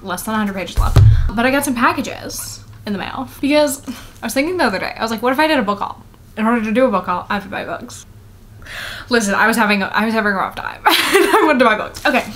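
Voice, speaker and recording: A young woman giving a casual book vlog from her apartment, tired from little sleep, rambling with many fillers and quick laughs. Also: a little high. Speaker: book vlogger. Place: apartment at home.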